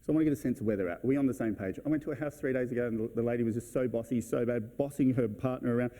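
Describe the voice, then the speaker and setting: Brisk, blunt man. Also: medium pitch, warm tone. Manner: brisk, blunt, acts out client conversations. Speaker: real estate agent giving a talk. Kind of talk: conference talk. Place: event hall.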